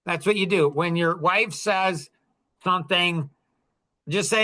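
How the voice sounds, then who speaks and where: A man's voice: sits high, unhurried, pushed and bright. A man in his fifties hosting a podcast, joking and rambling, then speaking tenderly to his grown children. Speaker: podcast host. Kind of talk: casual monologue.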